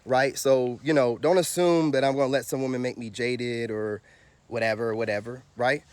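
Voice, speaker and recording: A man's voice: medium pitch, fairly even intonation, normal speed, darkish tone, dry recording. A man giving a preachy livestream monologue as a spiritual vlogger and tarot reader, full of rhetorical questions.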